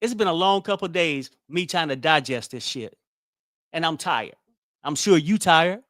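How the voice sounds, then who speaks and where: A man's voice: fairly high pitch, expressive, moderate pace, a bit bright, dry recording, studio quality. A man hosting a casual political commentary show, blunt and exasperated, swearing freely.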